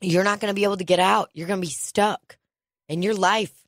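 Animated, foul-mouthed storytelling woman. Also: mid-range voice, brisk, dry recording. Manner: animated storyteller, mimics people, swears freely. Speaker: podcast co-host. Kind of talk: casual comedic chat.

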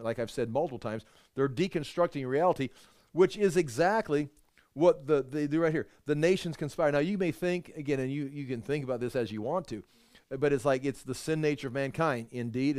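A man's voice: medium pitch, a little mellow, smooth, no room sound, clean studio sound. A man teaching through a Bible passage verse by verse, earnest and conversational, often restarting his thoughts mid-sentence.

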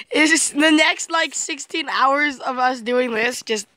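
A woman's voice: high-pitched, slow, bright, forceful tone, no room sound. A woman chatting casually while playing a game with a friend, playful and teasing, breaking into shrieks and laughter. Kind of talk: casual gameplay commentary.

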